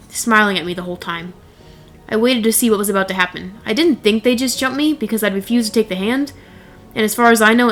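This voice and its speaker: A young woman narrating a first-person horror story in a wry, blunt, casually profane way. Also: mid-range voice.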